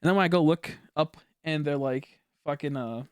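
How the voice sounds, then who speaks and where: Male streamer, loose rambling talker with filler-heavy speech, voice sits a bit high, dry close recording. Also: moderate pace, smooth, no room sound. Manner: rambling, heavy on filler words, swears freely. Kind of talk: casual chat with viewers.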